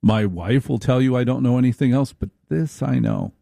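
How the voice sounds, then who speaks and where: A man's voice: mid-range voice, normal speed, creaky, dark tone, no room sound, studio quality. A middle-aged man hosting a late-night radio talk show, delivering an emphatic, folksy monologue to his listeners.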